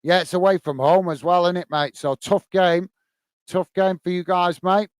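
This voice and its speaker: A British man with a fairly high voice hosts a live football watch-along, calling the play and reading out viewers' messages in a friendly, chatty way. His voice comes across smooth and clear, recorded close on a dry mic with no room sound. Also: fairly even intonation, moderate pace, no echo. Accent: British English. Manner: chatty, greets viewers by name, frequent "uh" fillers.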